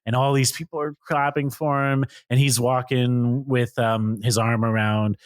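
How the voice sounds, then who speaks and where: A man's voice: medium pitch, no room sound, studio quality. Chill guy podcast co-host walking through a movie plot, mid-range voice, quoting lines. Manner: relaxed storytelling with quick quoted asides and laughs. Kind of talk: casual chat recapping a movie.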